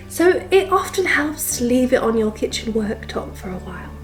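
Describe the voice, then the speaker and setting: A woman's voice: a little high, very animated, normal speed, few pauses, soft background music. Chatty young woman baking at home. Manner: rambling, self-mocking asides. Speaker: vlogger. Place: home kitchen.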